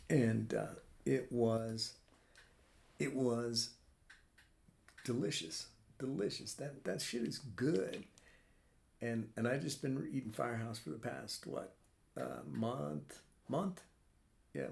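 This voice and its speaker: Speaking at a measured pace, the same kind of middle-aged cartoonist streamer rambles casually from his home drawing room, cursing freely and leaning on fillers. His voice sits mid-range, creaky and a little mellow.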